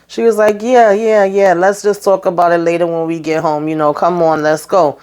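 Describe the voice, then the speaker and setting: A woman casually recapping a TV episode, retelling scenes in an animated, chatty way and calling listeners child and honey. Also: on the low side, brisk, clean tone. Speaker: TV show recapper.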